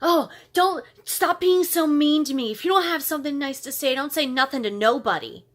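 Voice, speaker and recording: A woman putting on the voice of a defensive, hot-headed coworker, with loud whiny protests. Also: sits high, moderate pace, pitched above the performer's own voice, close to an everyday voice.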